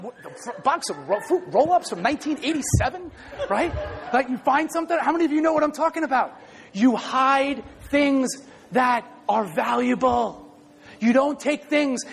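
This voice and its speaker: A male pastor preaching a lively sermon, often shouting and joking with the congregation. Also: very high voice, gravelly.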